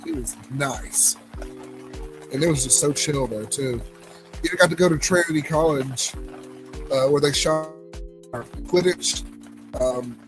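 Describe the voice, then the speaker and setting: A man's voice: medium pitch, low-quality recording. A young man with a Southern US accent, hosting a casual cigar livestream and telling rambling stories full of fillers and restarts. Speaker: cigar lounge livestream host.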